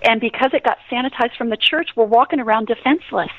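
A woman's voice: fairly high pitch, fast, no echo, dull audio. A woman guest on a radio interview, telling stories with energy, laughing often and breaking into prayer. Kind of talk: animated interview storytelling.

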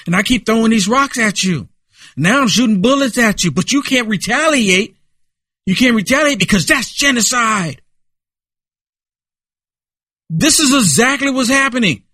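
A man's voice: very high voice, lively intonation, normal speed, long pauses, sharp tone, no room sound, clean studio sound. A man giving impassioned political commentary in an emphatic, repetitive, preaching way.

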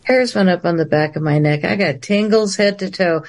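A woman's voice: lowish voice, normal speed. A woman filmmaker telling a long story on a livestream, acting out the dialogue in different voices. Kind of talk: animated storytelling. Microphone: livestream video call.

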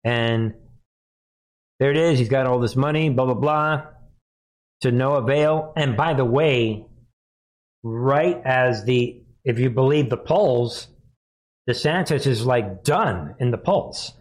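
A man's voice: medium pitch, slow, pauses often. A man hosting a live news commentary, mocking the clips he plays, laughing often and speaking straight to his viewers. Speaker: commentary host.

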